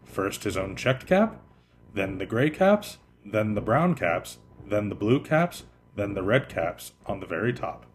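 Lively man reading a children's storybook. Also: fairly low pitch, slight background noise. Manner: expressive, lively, slowing for effect. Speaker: podcast host reading children's stories.

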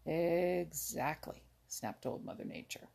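A woman narrates an animal storybook in a gentle, measured read-aloud manner. Her low voice is deeply husky with a gravelly creak. She reads slowly and evenly. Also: animated. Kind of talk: storybook reading.

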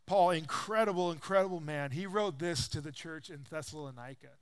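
A man in his thirties preaches in a relaxed, conversational way, his voice sitting fairly high for a man. The tone is smooth and resonant. He leans into his stories and acts out the quotes with lively emphasis. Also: a little fast. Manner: animated storyteller, acts out quotes with rising pitch and volume. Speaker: pastor. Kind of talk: casual conversational sermon.

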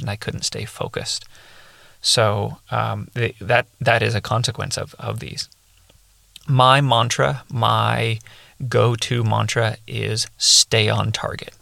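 Gravelly, bright-toned male podcaster. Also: on the low side, no room sound. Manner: rambling, many fillers and restarts; earnest, reflective. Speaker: podcast host. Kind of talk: casual solo podcast talk.

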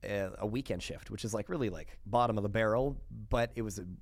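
A young man from Quebec, a radio host guesting on a podcast, talking in a chatty, animated way with many restarts. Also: lowish voice, fairly quick, no echo. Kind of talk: casual interview chat.

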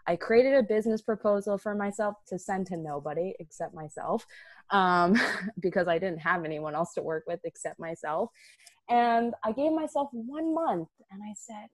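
A woman telling her story as a guest in a casual interview, chatty and lively, with plenty of fillers. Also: medium pitch, normal speed, dry recording. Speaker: guest, dog business owner.

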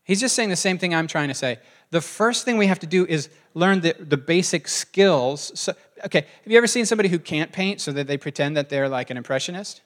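Conversational man preaching, fairly high voice. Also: lively intonation, a little fast. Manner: conversational, asks the congregation questions. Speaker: pastor. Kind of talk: sermon.

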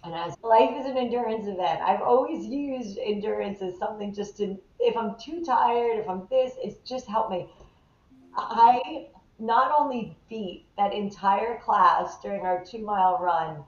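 Animated woman telling a story, roomy sound. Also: mid-range voice, measured pace. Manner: animated, acts out the people in her stories. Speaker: guest. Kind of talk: storytelling in a podcast interview. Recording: roomy, slightly dull sound.

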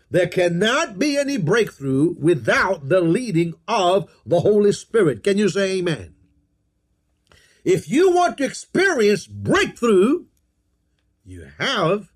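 A man preaching a sermon, emphatic, repeating key phrases and telling his listeners what to underline. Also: a little high.

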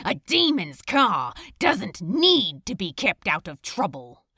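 A woman's voice: medium pitch, huge pitch swings, slow pace, pushed and bright, husky, dry recording, clean studio sound, full character voice. A woman voicing an irritable, sardonic male demon in a fan audio drama, talking in an exasperated, emphatic way.

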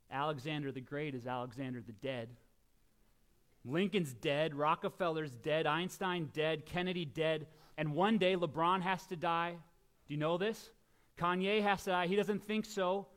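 A middle-aged man delivering a sermon as pastor. His voice sits high, and he swings from hushed, low asides to loud, emphatic shouts.

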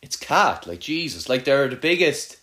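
A man's voice: mid-range voice, sing-song, moderate pace, sharp tone. Rambling, teasing young irish man. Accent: Irish, Kildare. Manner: swears a lot, teasing, rambling with many "like"s. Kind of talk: casual banter with a friend.

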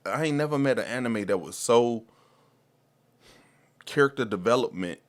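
A man hosting a casual podcast, animated and slangy, often repeating words as he starts a sentence. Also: mid-range voice, normal speed. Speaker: podcast host.

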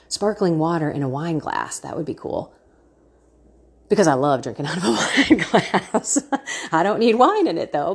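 Husky woman hosting a faith podcast. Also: low-pitched. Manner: earnest, chatty, laughs often. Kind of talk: casual faith podcast talk.

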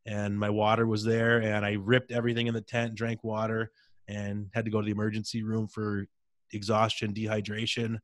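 A man's voice: on the low side, no echo, studio quality. A man in his thirties, a former pro hockey player, telling his faith story in an intense, candid way in a casual interview.

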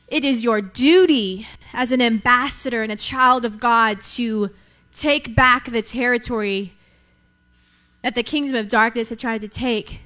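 A woman's voice: on the high side, fairly bright tone. A young woman preaching a sermon, emphatic, repeating key lines for effect.

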